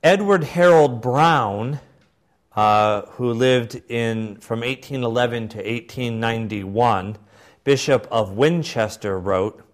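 A man's voice: mid-range voice, slow pace. A man lecturing a class on church doctrine, explaining points and adding brief asides between quotations.

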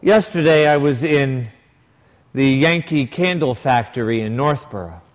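Male priest, unhurried sermon delivery, lively storyteller, echoing church hall. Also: medium pitch. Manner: storytelling with quoted dialogue, varied emphasis. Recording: long reverb of a large hall.

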